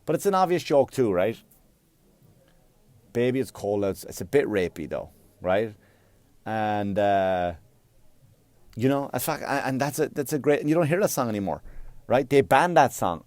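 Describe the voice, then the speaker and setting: Irish man, comedian, punchy and profane, mid-pitched voice, dry recording. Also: normal speed, long pauses, no echo. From Ireland. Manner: swearing, animated, punchy. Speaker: stand-up comedian. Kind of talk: comedy podcast monologue.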